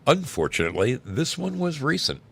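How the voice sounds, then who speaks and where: A man's voice: on the high side, very animated, brisk, creaky, fairly bright tone, husky. A man hosting a show from home, reading embarrassing stories aloud with wry, amused asides. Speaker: podcast host.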